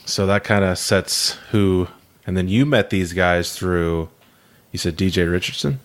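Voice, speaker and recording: Deep-voiced joking podcast host. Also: male voice, little pitch movement, measured pace. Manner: joking, prompts the guest. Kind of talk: casual chat.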